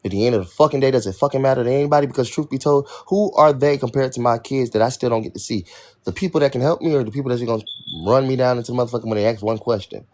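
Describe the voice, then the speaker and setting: A man's voice: medium pitch, very fast, darkish tone. A young man hosting a livestream, venting in an irritated, profane rant to his chat. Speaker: livestream host. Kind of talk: ranting livestream talk to chat.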